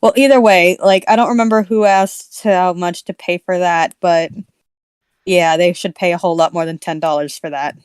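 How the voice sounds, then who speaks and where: A woman's voice: on the low side, steady tone, moderate pace, a little mellow, clean tone, no room sound. A woman co-hosting a casual comedy podcast, teasing and blunt with the others.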